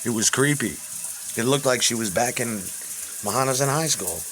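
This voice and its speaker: A man in his fifties telling rambling personal stories, profane and halting, with restarts. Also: mid-range voice, a bit bright, slight background noise. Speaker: interviewee.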